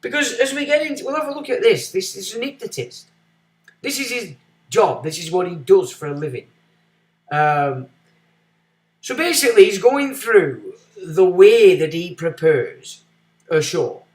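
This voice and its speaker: Ranting man with a high voice. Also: animated, unhurried, roomy sound. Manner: blunt, sarcastic, swings from mutter to loud. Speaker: livestream host. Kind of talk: ranting livestream commentary.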